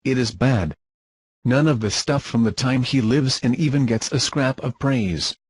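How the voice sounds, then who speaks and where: A man's voice: mid-range voice, a little slow, husky, dry recording. A man reading scornful, dismissive commentary in formal wording. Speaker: commentator being rebutted. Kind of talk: scripted insult commentary.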